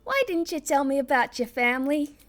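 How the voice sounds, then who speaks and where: A woman voicing a bubbly female adventurer-doctor in a squeaky, nasal voice while playing a game. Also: animated, fairly quick, fairly bright tone. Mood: playful. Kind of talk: voicing a game character live.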